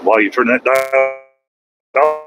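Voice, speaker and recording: Here a middle-aged trucker chats on a relaxed live stream as he drives, wandering from topic to topic and poking fun at himself. He speaks unhurriedly in a mid-range voice, and the audio quality is poor.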